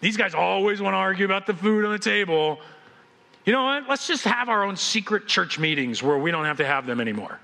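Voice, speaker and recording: Pastor acting out fed-up church guys muttering and griping, bright voice, in a sermon aside. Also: male voice, high-pitched, expressive, a little fast, gravelly, heavily acted. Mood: exasperated. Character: grumbling male churchgoers fed up with weaker brothers.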